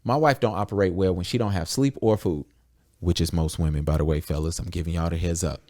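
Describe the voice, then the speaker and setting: A man's voice: sits low, quick pace, darkish tone. A young adult American man hosting a podcast, talking candidly and bluntly with lots of swearing, acting out conversations in quotes. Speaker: podcast host. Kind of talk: candid casual podcast talk.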